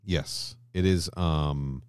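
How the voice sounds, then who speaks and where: A man hosting a podcast in casual chat, retelling a story with animated energy, acting out characters' lines and swearing freely. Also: rumbling low, very slow, clear, resonant tone, dry recording, studio quality. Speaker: podcast host.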